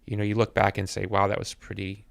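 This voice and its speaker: Through a podcast mic with no echo comes a man in his fifties, a musician guest in a reflective interview who repeats words as he searches for them. He talks fast in a completely flat delivery, his fairly low voice gravelly.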